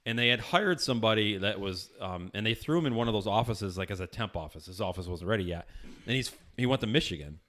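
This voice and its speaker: A man chatting casually on a podcast, telling stories and acting out other people's shouted lines. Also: on the low side, quick pace. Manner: animated storyteller, acts out quotes loudly. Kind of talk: casual chat.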